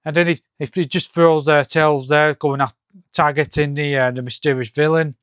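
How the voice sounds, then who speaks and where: A man walks through a comic book issue, talking in a halting, hesitant way with many fillers and restarts, and reading the dialogue aloud in his own voice. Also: fairly high pitch, steady tone, a bit bright, clean tone, no room sound, clean studio sound. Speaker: comic reviewer. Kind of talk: casual comic-book walkthrough.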